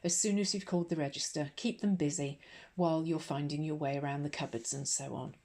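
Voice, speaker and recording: A woman with an English accent voicing a brisk, imposing and arch female headmistress in an ASMR audiobook reading, giving loud, firm orders to a class. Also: low-pitched, fairly even intonation. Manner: loud firm commands, crisp directions.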